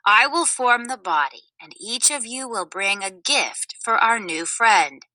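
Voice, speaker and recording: A woman voicing a calm, wise desert spirit woman in a storybook reading, close to her own voice. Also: fairly high pitch, measured pace, dry recording, rough recording.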